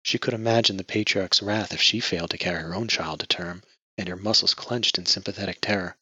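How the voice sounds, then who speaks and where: A male audiobook narrator reads in a measured storytelling manner. His low voice is husky yet bright. The recording is dry and dull, like lo-fi audio. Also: steady tone, no echo. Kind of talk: scripted narration.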